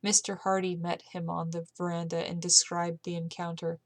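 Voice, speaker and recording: Casting: a low-voiced woman narrating a novel, amateur audiobook reader, steady pace with small slips. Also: moderate pace. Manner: steady reading with occasional slips and self-corrections.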